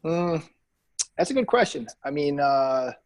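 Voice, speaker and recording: Appearing as a podcast guest, a business owner with a New England accent talks casually and chattily, full of fillers and restarts. His voice is on the high side, expressive and unhurried, captured in a rough recording.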